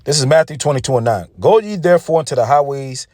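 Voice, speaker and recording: A man's voice: mid-range voice, expressive, quick pace, a little mellow, dry recording, clean studio sound. A man preaching combatively, reading scripture aloud and mocking rival preachers. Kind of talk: street-preacher sermon video.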